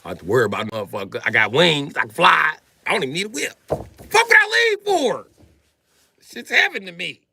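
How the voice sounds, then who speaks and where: A man doing a profane comedic rant on a livestream, jumping between loud shouted bits and low mumbled asides. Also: sing-song, fairly quick, creaky, husky. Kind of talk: comedic rant with acted-out voices.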